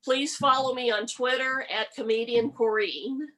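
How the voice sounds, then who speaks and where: A middle-aged woman doing a stand-up comedy set with a deadpan delivery. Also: fairly high pitch, heavy background noise. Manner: slow deadpan delivery with mocking put-on voices. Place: home, virtual comedy show.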